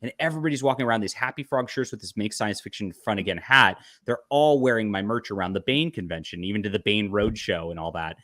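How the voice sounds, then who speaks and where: A man hosting a podcast, telling a casual story in an animated way and laughing often. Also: on the low side, fast talker, hardly any pauses, no echo, studio quality. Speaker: podcast host.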